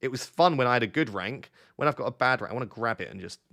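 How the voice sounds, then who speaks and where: A man's voice: medium pitch, animated, fast, creaky, fairly bright tone. A young man hosting a casual late-night live stream from his bed at home, chatty and teasing as he talks to his chat. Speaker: fantasy football streamer, host.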